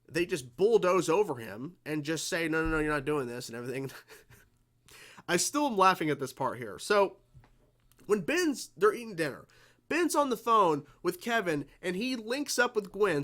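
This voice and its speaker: This reaction video host has a fairly high, fairly bright voice. He gives casual, rambling commentary on a cartoon episode, swearing freely, laughing a lot and restarting his sentences.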